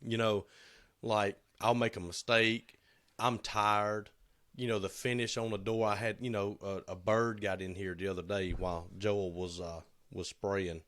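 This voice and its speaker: A man's voice: lowish voice, level tone, a little slow, a bit bright. Man telling a shop story. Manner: storytelling, acts out quoted voices. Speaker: co-host. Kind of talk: casual podcast chat.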